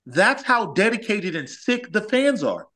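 Speaking a little slowly in a high-pitched voice, this former college athlete from Los Angeles, California, shares stories during a relaxed conversation. He gets animated, performs the quotes he recounts, and leans on the word "like" often.

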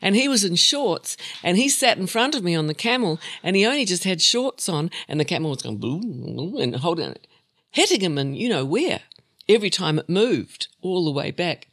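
Lively woman podcast guest, animated pitch, dry close sound. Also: moderate pace, no room sound. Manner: animated storyteller, laughs. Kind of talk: casual chat.

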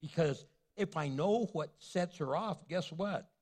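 A man's voice: fairly high pitch, a little slow, a little mellow. An older male pastor preaching a sermon, telling a funny family story with playful asides and laughter. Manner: storytelling, playful, laughs at his own jokes.

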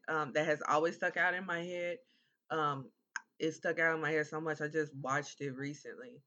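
A man's voice: a little high, sharp tone. A young man co-hosting a podcast, easygoing, often agreeing with "right" and recapping stories at length. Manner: laid-back, agreeing with frequent "right", long recaps. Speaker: podcast co-host. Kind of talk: casual chat. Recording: slightly dull, lo-fi sound.

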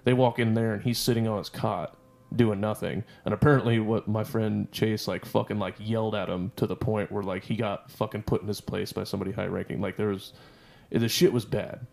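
A man's voice: lowish voice, steady tone, a little fast, gravelly, a little mellow. A man telling a heated army story on a podcast, swearing constantly and ranting. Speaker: podcast guest. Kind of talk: casual storytelling.

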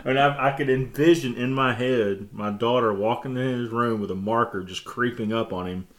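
A middle-aged man from Texas co-hosting a casual family podcast, an animated storyteller who laughs often. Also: medium pitch, normal speed. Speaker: podcast co-host.

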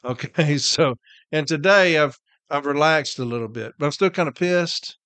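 Slightly high-pitched and a bit bright, he talks at a moderate pace on an echo-free recording. Tired and irritated, the podcast host and union rep rants casually in a blunt, heated, profane way, repeating himself to press each point.

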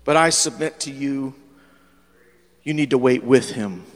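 A man preaching a sermon as pastor, in an animated style that swings from hushed to loud. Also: medium pitch, unhurried, long reverb tail. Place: church sanctuary.

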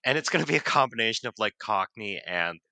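Bright-voiced male music teacher chatting. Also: fairly low pitch, fast talker, vocal fry, no echo. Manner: rambling, animated storytelling with many fillers and laughs. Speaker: school vocal music teacher. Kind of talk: casual podcast chat.

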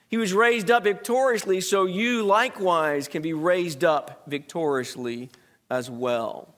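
A man's voice: high voice, moderate pace, a bit bright. A man teaching a Bible study lesson in a conversational way, asking the class questions and often restarting his sentences.

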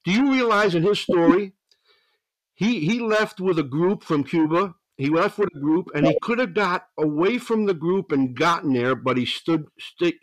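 A man, a veteran pitching coach, telling rambling stories as a podcast guest, with frequent restarts and 'you know's. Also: dry recording, poor audio. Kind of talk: storytelling podcast interview.

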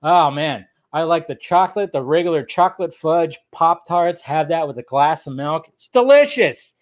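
A man's voice: fairly high pitch, animated, moderate pace. A man hosting a podcast, rambling through entertainment news with plenty of fillers, swearing and laughs. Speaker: podcast host. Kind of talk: casual solo news chat.

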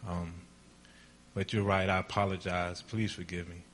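A man's voice: low-pitched, flat delivery, normal speed, fairly bright tone, slight background noise. A man playing a frustrated husband heading to work in an amateur skit, talking sulky and defensive. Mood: apologetic. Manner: sulky, defensive, then apologetic. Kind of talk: amateur church skit acting.

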